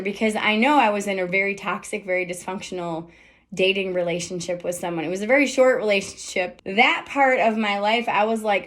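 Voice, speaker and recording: A woman's voice: mid-range voice, a little fast, a bit bright. A middle-aged woman hosting a motivational podcast, talking candidly and emphatically, firing off rhetorical questions and swearing freely. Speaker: podcast host.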